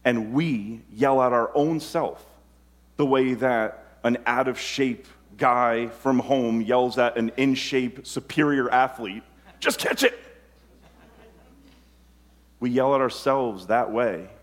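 A man's voice: mid-range voice, takes it slowly. A man preaching a sermon, building to urgent, impassioned emphasis.

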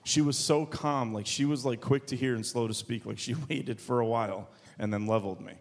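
A man's voice: mid-range voice, fairly even intonation, a little fast, vocal fry. A man in his thirties preaching a sermon to a congregation, telling a family story in a joking, conversational way. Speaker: pastor.

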